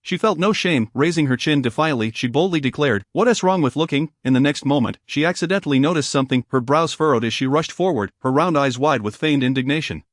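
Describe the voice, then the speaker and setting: A man narrates a romance novel in a steady, smooth audiobook reading at a middling pitch. The recording is dry and close, with no room sound. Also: fast talker, hardly any pauses, no echo.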